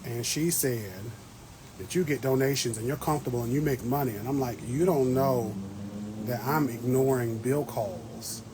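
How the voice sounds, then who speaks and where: A man's voice: medium pitch, moderate pace, background noise. A man in his thirties hosting a casual gardening livestream outdoors, chatty and playful as he greets viewers by name. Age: 30s. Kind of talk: casual live-stream chat. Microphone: phone livestream.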